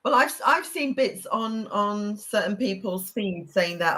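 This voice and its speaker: A woman co-hosting casual football fan chat, lively and quick to interject. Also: medium pitch. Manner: lively, interjecting, laughs easily. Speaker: fan channel co-host.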